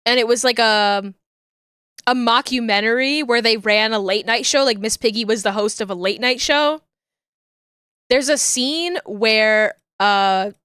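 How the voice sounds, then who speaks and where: A woman's voice: a little high, a bit bright, clean tone, no room sound, clean studio sound. A woman streamer chatting casually with her viewers, rambling, giggling often and searching for words.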